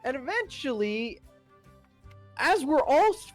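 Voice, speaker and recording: A woman's voice: on the high side, slow. A woman casually recapping a game session as a player, swearing and laughing as she tells it. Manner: animated, laughing, swearing storyteller. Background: faint background music.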